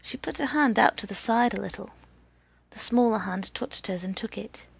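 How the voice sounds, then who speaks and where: A woman narrating a story in a measured, deliberate reading with a husky voice. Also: medium pitch, no room sound.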